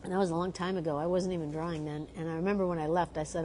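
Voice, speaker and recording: A woman's voice: fairly low pitch, fairly even intonation, racing, hardly any pauses, warm tone, a little hiss or hum. A middle-aged woman, an artist who teaches drawing workshops, talking casually and rambling on a livestream, often checking in with "right?". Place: home in Mexico.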